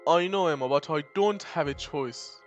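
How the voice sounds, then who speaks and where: A man's voice: on the high side, moderate pace, faint music behind. Joking, swearing young man reading a visual novel. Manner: swears and jokes between dramatic reading.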